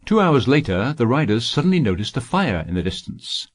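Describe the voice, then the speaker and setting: A man reading an audiobook in a steady, even storytelling voice. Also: medium pitch, fairly quick, no echo, studio quality. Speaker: audiobook narrator. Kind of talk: scripted audiobook narration.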